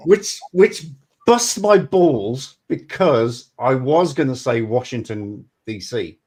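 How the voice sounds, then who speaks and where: A man's voice: medium pitch, expressive, takes it slowly, darkish tone, husky. A man with a Birmingham accent hosting a casual chat, joking, swearing freely and mimicking accents. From Birmingham, England.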